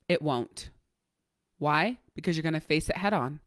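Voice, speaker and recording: A woman life coach giving a motivational coaching talk, blunt and profane, driving points home with fast repetition. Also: deep voice, no echo, studio quality.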